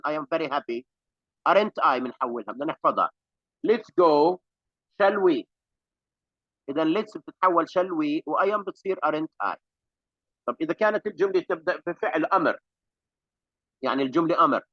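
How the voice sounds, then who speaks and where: Male teacher, a bit high-pitched and fast, dull dry lo-fi audio. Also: no room sound. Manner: switches to rapid explanations between slow examples. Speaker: English teacher. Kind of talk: online class teaching.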